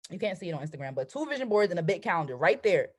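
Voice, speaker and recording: A woman's voice: on the low side, big pitch swings, racing. A woman in her twenties, a trading coach hosting a motivational live stream over a video call, talking emphatically and asking "right?" at every turn. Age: 20s.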